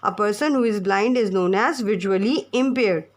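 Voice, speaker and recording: A woman's voice: medium pitch, moderate pace. A woman teacher, explaining words to young pupils and spelling them out letter by letter. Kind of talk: online class lesson.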